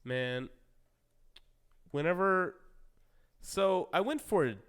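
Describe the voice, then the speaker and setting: A man's voice: sits high, lively intonation, very slow, a bit bright, clean tone. A young man streaming, chatting casually and rambling through game stories with acted-out quotes. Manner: rambling storyteller acting out quoted lines. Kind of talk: casual gaming chat.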